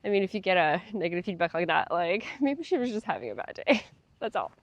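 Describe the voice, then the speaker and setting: A woman's voice: lowish voice, animated, a little fast, no room sound. Chatty young woman vlogger, dry sound. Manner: chatty, many fillers and laughs. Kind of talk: casual talk to camera.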